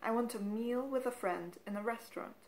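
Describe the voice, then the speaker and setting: A woman's voice: fairly high pitch, a little fast, darkish tone, voice pushed up, close to an everyday voice. A defiant young painter demands what she is owed, as a woman reading aloud plays her. Her voice is insistent and blunt, lifted slightly above the narration.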